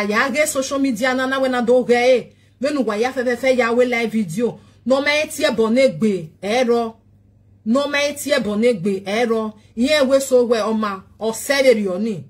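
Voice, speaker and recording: A woman's voice: fairly high pitch, slightly rough. A woman with a Nigerian accent pleading at length in a casual talk show monologue, repeating short questions.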